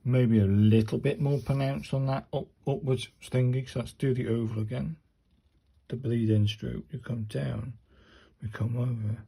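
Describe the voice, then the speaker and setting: A man's voice: medium pitch, fairly even intonation, moderate pace, creaky, dark tone, breathy edge. A man, talking viewers through handwriting practice in a chatty way and muttering to himself as he writes. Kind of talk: casual talk-through while writing.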